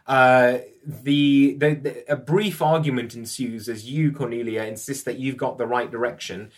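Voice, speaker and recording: A man's voice: medium pitch, steady tone, normal speed. A man running a tabletop role-playing game as game master, narrating in a rambling way with frequent laughs. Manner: rambling, laughs often, restarts sentences.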